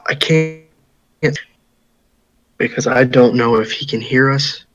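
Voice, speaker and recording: A player doing an uneasy male orc in a tabletop role-play. He speaks in his own plain, mid-pitched voice, hesitant and on edge. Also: slow, fairly bright tone, highs cut off. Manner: hesitant and jittery. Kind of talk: tabletop game character voice.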